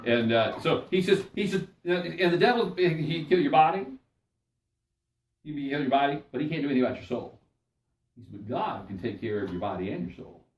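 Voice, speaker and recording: An older man serves as pastor, giving a folksy, chatty Bible study sermon. His voice sits fairly high and rises and falls in animated swings. He is heard from a distance in an echoey room. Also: fairly quick. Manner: folksy, conversational, checks in with listeners.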